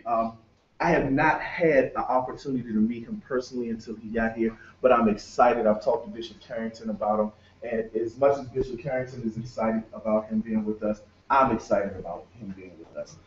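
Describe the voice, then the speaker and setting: A male pastor leads prayer and rallies a youth crowd, his voice carrying from away from the mic. The conference room rings with echo, and the sound is dull. His pitch sits in a middle range. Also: a little fast, far from the mic, slight background noise. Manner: rallying, calls out to the crowd. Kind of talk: leading prayer and introducing a speaker. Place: conference room used as a sanctuary.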